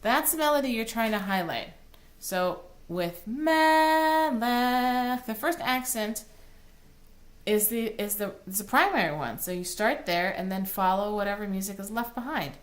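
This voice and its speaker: A woman's voice: mid-range voice, animated, moderate pace, a bit bright. A woman cantor teaching Torah cantillation, explaining plainly and breaking into short sung chant phrases. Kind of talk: recorded online lesson.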